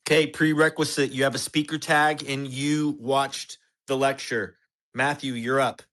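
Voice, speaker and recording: A man hosting an online audio chat, brisk and upbeat as he moves callers along. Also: medium pitch, flat delivery, a bit bright. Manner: brisk, upbeat, keeps things moving. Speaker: host.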